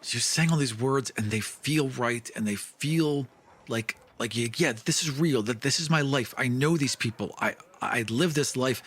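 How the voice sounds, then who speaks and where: A man narrating a tabletop game as game master, relaxed and descriptive, with frequent fillers. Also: medium pitch, normal speed, breathy edge.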